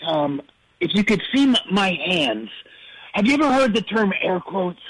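Man impersonating a husky rambling rock star. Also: sits high, expressive, normal speed, a bit bright, heavily acted, rough recording. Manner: earnest, rambling absurd boasts. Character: raspy rambling aging male rock star. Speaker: caller. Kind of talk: comedic impression on call-in radio.

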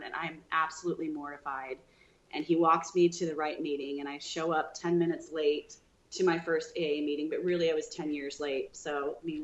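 A woman guest on a podcast, telling her own story with lively, acted-out dialogue. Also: low voice, reverberant, highs cut off. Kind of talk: storytelling in an interview.

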